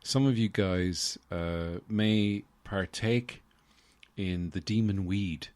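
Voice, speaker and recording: A man hosting a casual solo podcast, rambling with deadpan humor and lots of fillers into a close mic. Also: low-pitched, slow pace, no room sound. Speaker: podcast host.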